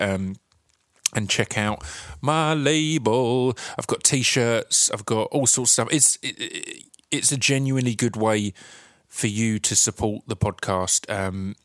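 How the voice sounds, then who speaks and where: A man's voice: on the low side, dry recording, clean studio sound. A man with an Essex accent hosting his podcast, talking in a chatty, rambling way with many fillers and restarts. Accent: Essex English. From Essex, England. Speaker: podcast host. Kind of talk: casual solo podcast intro.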